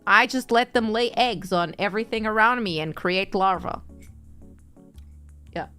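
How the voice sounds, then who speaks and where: A woman's voice: medium pitch, measured pace, pushed and bright, smooth. A young woman streamer in a casual chat stream, reading chat and answering in a playful, teasing way, laughing often. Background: faint background music.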